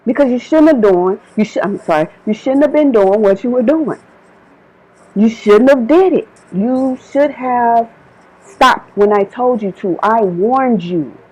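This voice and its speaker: A woman's voice: a little high, husky, rough recording. A woman delivering an informal channeled spiritual message, emphatic and repetitive, switching between her own words and quoted divine warnings.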